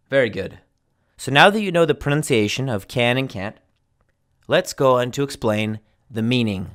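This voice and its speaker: A man with an American accent, teaching English pronunciation slowly and repeating each example. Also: mid-range voice, lively intonation, a bit bright. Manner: slow, deliberate, repeats examples. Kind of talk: pronunciation lesson.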